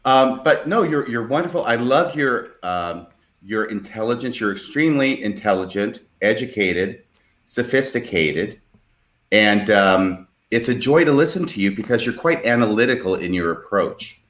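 A man's voice: fairly low pitch, expressive, normal speed, a bit bright, roomy sound. A man co-hosting a live show, playful and effusive, joking between remarks. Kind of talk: casual live show banter.

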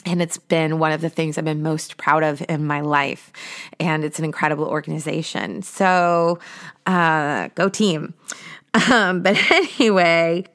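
A woman hosting a podcast, telling a personal story in a chatty way with lots of "like" and lively acted-out thoughts. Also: low voice, a little slow. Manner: chatty, says "like" often; lively, acts out her own past thoughts. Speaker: podcast host.

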